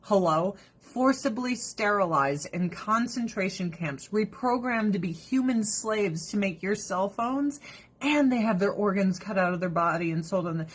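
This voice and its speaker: A woman's voice: mid-range voice, animated, normal speed. Blunt, profane woman vlogger. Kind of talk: casual chat.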